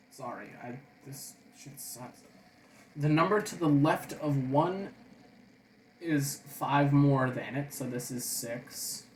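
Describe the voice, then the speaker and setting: A man's voice: mid-range voice, darkish tone, a little hiss or hum. A young man giving a sarcastic, casual comic review, reading strips aloud and muttering to himself. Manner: sarcastic, reads comics aloud in silly voices, mumbles to himself.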